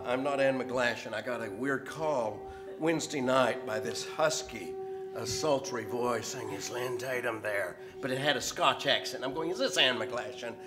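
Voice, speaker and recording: Man lecturing on a panel. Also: mid-range voice. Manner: explanatory, lecturing tone. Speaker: panel speaker, professor. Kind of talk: panel talk.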